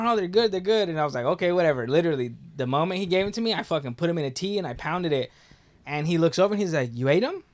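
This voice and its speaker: A young man telling a story in casual talk, laid-back and profane, with lots of filler words. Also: fairly high pitch.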